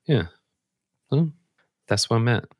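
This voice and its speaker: A man co-hosting a podcast in casual chat, deadpan and self-mocking. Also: medium pitch, slow, no echo, studio quality. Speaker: podcast co-host.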